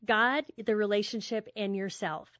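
A woman's voice: mid-range voice, fairly even intonation, normal speed, dry recording. Earnest woman, dull dry audio. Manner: warm, earnest, repeats words while thinking. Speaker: guest speaker on friendship. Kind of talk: casual conversational teaching.

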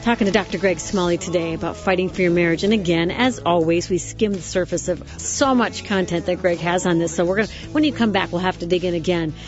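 A woman's voice: on the low side, quick pace, few pauses, dull audio, faint music behind. A woman hosting a radio talk show, reflective and quoting scripture as she speaks. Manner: warm, reflective, quotes scripture. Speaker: host.

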